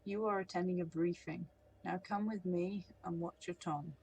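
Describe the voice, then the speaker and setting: A woman's voice: on the low side, steady tone, moderate pace, a little mellow, husky, rough recording. A woman voicing a cold, wealthy older man who speaks in a clipped, formal, commanding way. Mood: stern.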